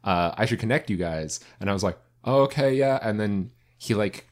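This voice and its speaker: A young man with a low-pitched voice drifts through a story in a relaxed podcast chat. He restarts sentences and fills the gaps with "uh" and "like". His manner is loose and self-deprecating. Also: fairly quick. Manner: rambling storyteller, many fillers and self-interruptions. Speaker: podcast co-host. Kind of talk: casual chat.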